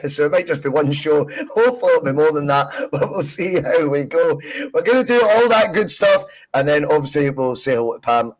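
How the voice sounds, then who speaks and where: A man's voice: medium pitch, low-quality recording. A man hosting a podcast, chatting casually with jokey, self-mocking banter. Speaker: podcast host. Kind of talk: casual chat.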